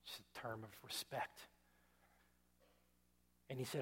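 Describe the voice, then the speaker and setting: A male pastor preaching a sermon as dramatic storytelling, moving between loud intensity and a hushed near-whisper. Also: medium pitch, flat delivery, slow, breathy edge. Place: church. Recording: long reverb of a church hall.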